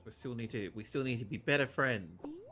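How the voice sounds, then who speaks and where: This streamer speaks fairly quickly at medium pitch while casually commenting on a farming game. He's animated, cracks jokes and addresses the game characters.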